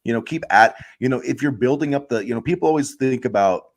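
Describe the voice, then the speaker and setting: A man's voice: mid-range voice, quick pace. A man co-hosting a casual sports chat podcast, ranting heatedly with lots of filler words. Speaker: podcast co-host.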